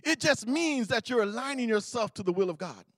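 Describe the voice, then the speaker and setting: A man preaching a sermon, telling a Bible story with lively acted-out voices. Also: very high voice, fairly quick, no room sound, clean studio sound. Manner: animated storytelling, acting out voices.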